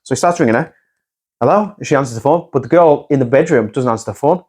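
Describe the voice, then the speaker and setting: A man's voice: medium pitch, very fast, darkish tone, breathy edge. A man hosting a podcast, chatting casually and swearing freely while he acts out the quotes in his stories. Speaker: podcast host. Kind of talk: casual chat.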